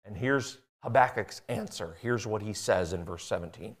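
Preaching with earnest feeling, a man reads from scripture at a normal speed with few pauses, moving between forceful high points and hushed low stretches.

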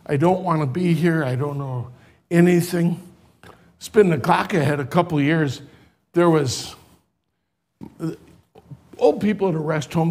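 An older man, a pastor, telling a personal story in a sermon, animated at first and later quiet and tender. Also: a little high.

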